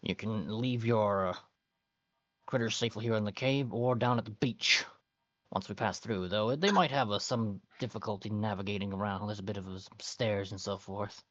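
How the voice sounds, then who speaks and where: A man voicing a plain-spoken male guide in a tabletop game, steady and practical. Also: on the low side, moderate pace, no echo, muffled recording, natural voice. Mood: reassuring.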